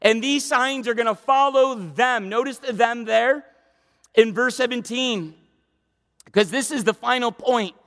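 A man preaching a sermon with emphatic repetition, rushing through asides and slowing down to proclaim key lines. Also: very high-pitched, fairly bright tone, in a large hall.

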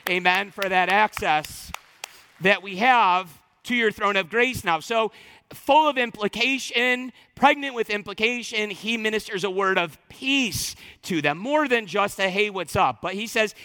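A man preaching a sermon as pastor, animated and emphatic, acting out quoted speech. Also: high voice, long reverb tail.

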